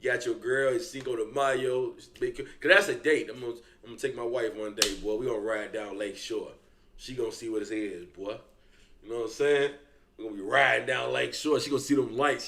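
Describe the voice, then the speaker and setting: A man's voice: medium pitch, a little fast, a bit bright. A young man giving loose, profane reaction commentary and talking straight to his viewers. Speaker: reaction streamer.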